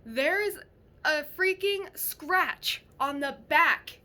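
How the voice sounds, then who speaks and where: High, bright young woman telling a scary story. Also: slow. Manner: rambling, frightened, swears casually. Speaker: storyteller sharing a paranormal experience. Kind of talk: casual storytelling.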